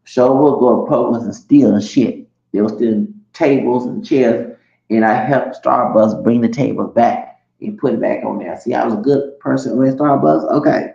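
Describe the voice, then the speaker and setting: A man's voice: medium pitch, normal speed, vocal fry, warm tone. A man telling a long, rambling story on a livestream, cursing freely and talking to his viewers as y'all. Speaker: streamer. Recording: echoey room, dull lo-fi sound.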